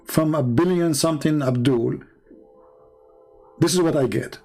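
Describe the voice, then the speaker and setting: A man's voice: fairly high pitch, slow, darkish tone, soft background music. A man whose first language is Arabic, arguing heatedly with a caller and then mocking the point in sarcastic commentary. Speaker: debate host.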